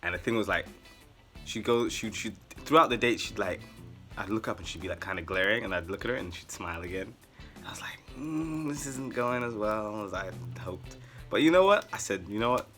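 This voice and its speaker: Brief: low-pitched man, bright forceful tone, animated rambling storyteller with sarcastic asides, faint music behind. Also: fairly quick. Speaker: vlogger. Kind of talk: casual storytelling.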